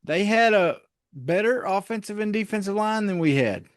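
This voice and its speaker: A man's voice: sits high, lively intonation, moderate pace, dry recording, studio quality. A man co-hosting a casual sports podcast, easygoing, laughing often and hedging his points with "uh". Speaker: podcast co-host.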